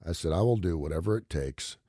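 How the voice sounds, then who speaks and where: A middle-aged man hosting a radio talk show, telling family anecdotes in a casual, animated way and laughing often. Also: deep voice, fairly quick, dry recording, clean studio sound. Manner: animated anecdote teller, quotes his kids, laughs often. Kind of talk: casual radio chat, storytelling.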